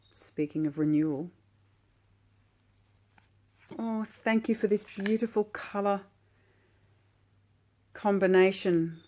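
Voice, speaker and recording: Low-voiced woman gushing over cards. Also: dark tone. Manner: gushing, admiring, unhurried. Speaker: tarot vlogger. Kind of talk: relaxed unboxing commentary. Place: sitting on the floor at home.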